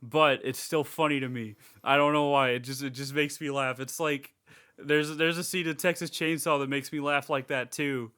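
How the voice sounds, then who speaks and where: A man's voice: fairly high pitch, moderate pace, clean tone. A man co-hosting a podcast, chatting casually about a horror movie, swearing freely and acting out scenes in voices. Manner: animated, swearing, acts out scenes in funny voices. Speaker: podcast co-host. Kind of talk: casual movie review chat.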